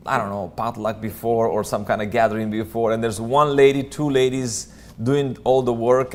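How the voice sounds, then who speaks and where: Brief: male church Bible teacher, easygoing and conversational, mid pitch, plenty of filler sounds. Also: a little hiss or hum. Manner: conversational, many ums, chatty asides. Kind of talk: casual Bible study teaching. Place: church room.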